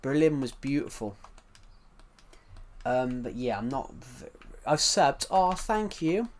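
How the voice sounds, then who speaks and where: Speaking slowly in a mid-range voice with big pitch swings, a young man from the south of England chats on a game live stream. He reads viewer comments in a rambling way, with plenty of repeats and restarts, in a southern English accent.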